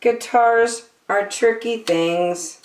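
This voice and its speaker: A woman voicing a gentle, helpful female zebra in a storybook, in a high, sweet, patient voice, recorded in an echoey room. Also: extremely slow, slight background noise. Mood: kindly.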